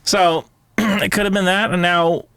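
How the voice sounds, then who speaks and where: A man talking as an intelligence analyst guest in casual podcast chat, animated, laughing often and restarting his sentences. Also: high voice, unhurried, gravelly, smooth, no room sound.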